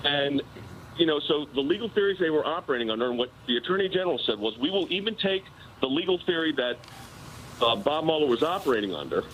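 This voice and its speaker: A man's voice: a little high, lively intonation, fast, highs cut off, slight background noise. A man, a personal attorney, arguing his case insistently in a live TV news interview. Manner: insistent, argumentative legal explanation.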